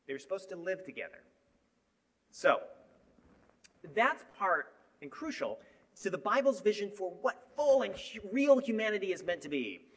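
A man preaching a sermon, animated, moving between emphatic lines and hushed asides. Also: high voice.

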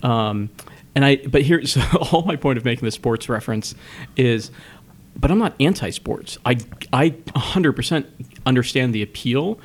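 A man co-hosting a casual talk show, speaking haltingly with many restarts and repeated words. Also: medium pitch, lively intonation. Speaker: podcast co-host. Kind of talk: casual chat.

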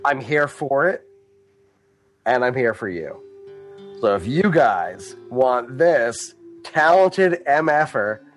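A man's voice: mid-range voice, very animated, slow pace, soft background music, voice pushed down. A man voicing a swaggering, foul-mouthed male bard in a tabletop game, talking in a theatrical, exasperated drawl.

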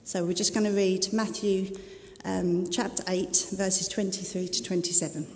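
A woman reads scripture aloud at an even, unhurried pace. Her voice is mellow and warm. The sound carries a long hall reverb. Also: medium pitch. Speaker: scripture reader.

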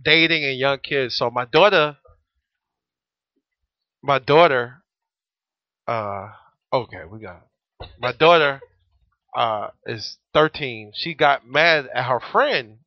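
A man's voice: mid-range voice, slow pace, long pauses, dry recording. A man in his thirties co-hosting a podcast, telling stories in a profane, joking way. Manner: profane, joking, animated storytelling. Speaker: podcast co-host. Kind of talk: casual chat. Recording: muffled lo-fi audio.

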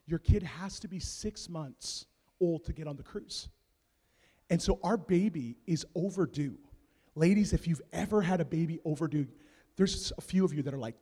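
A man in his thirties, a pastor preaching and telling a comic family story with big swings in loudness. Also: a little high. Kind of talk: sermon. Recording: long reverb of a large hall.

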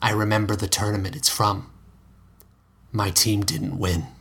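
A man voicing a tired, bitter young man who speaks curtly and slowly, with tension in his voice. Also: on the low side, little pitch movement, fairly bright tone, breathy edge, full character voice. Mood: tense. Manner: curt, slow, tense.

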